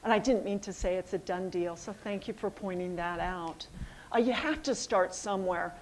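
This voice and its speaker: A middle-aged woman, a college dean, answering audience questions in a hall, a little hoarse and pausing with ums and uhs. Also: lowish voice, slight background noise. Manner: thoughtful, with frequent ums and uhs. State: losing her voice a little. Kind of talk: public address with audience Q&A. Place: assembly hall.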